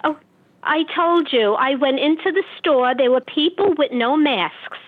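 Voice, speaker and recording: Indignant high-voiced woman on a phone line. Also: unhurried. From New York. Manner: indignant, complaining. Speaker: caller. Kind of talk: phone complaint.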